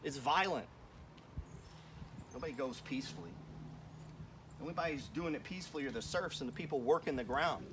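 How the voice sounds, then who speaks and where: A man's voice: medium pitch, fairly quick, long pauses, background noise. A man hosting a finance channel, giving a blunt, profane, confrontational motivational rant full of rhetorical questions.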